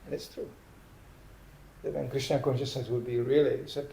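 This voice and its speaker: An older man from Czechoslovakia, giving a humorous sermon as a spiritual teacher, animated and acting out comic voices. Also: medium pitch, a little fast, creaky, a little hiss or hum. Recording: roomy hall echo.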